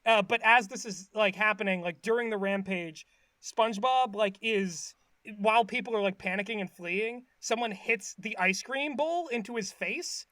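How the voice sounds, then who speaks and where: High-voiced man rambling through a recap. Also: normal speed, sharp tone, no room sound, studio quality. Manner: rambling retelling with many fillers, acting out quotes. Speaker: podcast co-host recapping an episode. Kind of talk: casual chat.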